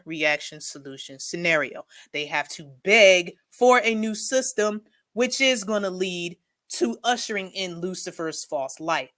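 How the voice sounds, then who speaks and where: A woman's voice: fairly low pitch, fairly bright tone. A woman hosting a casual livestream, commenting emphatically and sarcastically and often tagging her lines with "okay?". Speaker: channel host.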